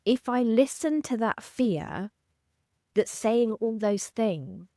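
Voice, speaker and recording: Calm woman podcast host. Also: a little high, slow, no echo, studio quality. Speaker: recovery coach, podcast host. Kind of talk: podcast interview.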